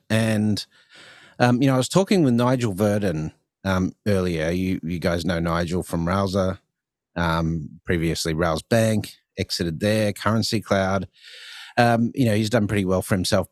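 A man with an Australian accent hosts a podcast in loose, halting conversation, peppered with ums and you-knows. His voice sits fairly low and sounds dry and close. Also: dry recording. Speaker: podcast host.

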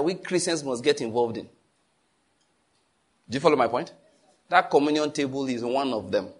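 A man's voice: mid-range voice, animated, normal speed, pauses often, breathy edge. A man preaching a sermon as pastor, emphatic, repeating phrases and acting out stories.

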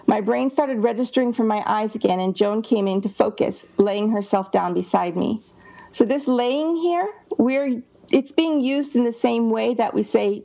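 A woman's voice: on the high side, darkish tone, highs cut off. A woman editor reading passages of a manuscript aloud and explaining her edits. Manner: explanatory, reads passages aloud then comments. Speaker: book editor. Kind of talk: manuscript critique walkthrough.

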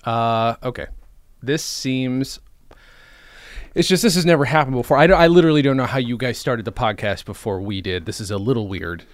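A man co-hosting a comedy podcast in loose, improvised chat. He slips into playful deadpan bits. His mid-pitched voice sits close and dry on the mic. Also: a little fast, no room sound. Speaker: podcast co-host.

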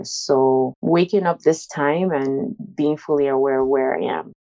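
A young woman candidly recounting a personal experience in a halting, conversational way, with many fillers and restarts. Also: sits low, a little mellow, lo-fi sound. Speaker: interviewee sharing a personal story.

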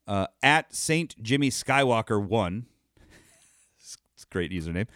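A man's voice: fairly low pitch, lively intonation, slow pace, a bit bright, clear, resonant tone, no room sound, studio quality. A man co-hosting a podcast in casual chat, laid-back and often chuckling. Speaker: podcast co-host.

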